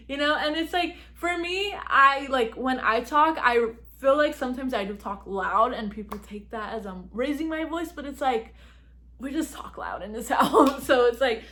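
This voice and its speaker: Chatty, laughing young woman vlogger. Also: fairly high pitch. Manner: chatty, laughs often, fast and animated. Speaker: vlogger giving advice. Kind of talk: casual talk to camera. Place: at home.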